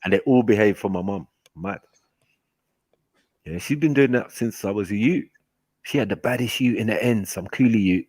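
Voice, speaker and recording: A man telling stories in a casual chat, animated and slangy, laughing often. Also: lowish voice, normal speed, long pauses, slightly rough, no room sound. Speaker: host.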